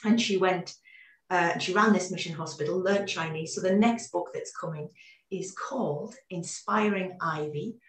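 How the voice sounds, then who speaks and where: In a roomy, echoey room and slightly distant from the microphone like on a video call, a woman in her forties recounts her story as an interview guest. Her lowish voice moves at normal speed, lively and full of restarts.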